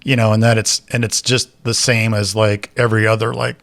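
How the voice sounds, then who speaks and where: A man's voice: on the low side, brisk, gravelly. A man telling a story on a podcast in casual chat, acting out the voices of the people in it. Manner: animated storyteller, acts out quoted voices. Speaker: podcast co-host.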